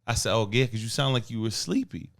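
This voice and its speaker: A man's voice: medium pitch, lively intonation, fast, vocal fry, fairly bright tone. A man co-hosting a podcast, bantering and joking in casual conversation with his partner. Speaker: podcast co-host. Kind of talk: casual couple chat.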